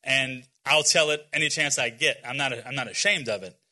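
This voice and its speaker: Guy in his 40s doing a casual youth sermon, um-ing and restarting a lot, really bright ringing voice. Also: mid-range voice, moderate pace. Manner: conversational, earnest, many fillers and restarts; self-deprecating humor. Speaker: youth speaker. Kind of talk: informal sermon to young people.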